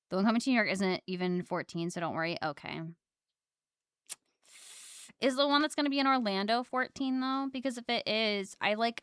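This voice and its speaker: Bright, animated woman streamer chatting. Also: on the low side, smooth, no echo, studio quality. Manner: chatty, reacts loudly to chat with squeals and laughs. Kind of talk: casual chat while drawing.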